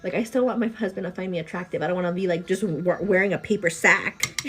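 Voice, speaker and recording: A woman's voice: fairly low pitch, quick pace, hardly any pauses, slightly rough. Chatty pregnant woman vlogging while getting ready. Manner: chatty and animated, lots of fillers. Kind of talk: casual get-ready-with-me chat. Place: indoors at home, getting ready.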